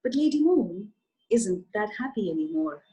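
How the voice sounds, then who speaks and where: A woman author telling a children's story in an animated, expressive way, addressing her listeners directly. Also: mid-range voice, normal speed, husky, poor audio.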